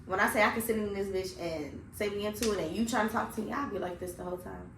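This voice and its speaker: A woman's voice: mid-range voice, fast talker, gravelly, fairly bright tone. A woman co-hosting a podcast in blunt, reflective casual chat, swearing freely. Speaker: podcast co-host. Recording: echoey room with faint noise.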